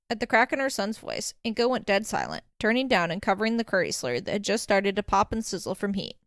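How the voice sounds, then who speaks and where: Brief: woman storyteller, mid pitch, dry close-miked narration. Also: expressive, fast talker, few pauses, no room sound. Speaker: audiobook narrator. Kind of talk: fanfiction audiobook narration.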